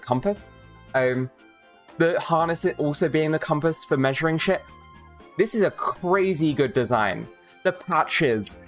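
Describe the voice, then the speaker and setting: A woman streaming a video game, chatting casually and rambling with her viewers, often swearing. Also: a bass voice. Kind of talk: casual live-stream chat.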